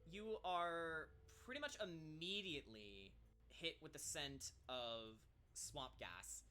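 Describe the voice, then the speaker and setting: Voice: medium pitch, slow, pushed and bright, slight background noise. A game master narrating a tabletop game, rambling with many ums and little laughs.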